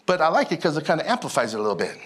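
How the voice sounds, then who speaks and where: Animated high-voiced male pastor preaching. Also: rapid-fire. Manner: animated, repetitive, folksy preaching with audience call-outs. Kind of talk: sermon.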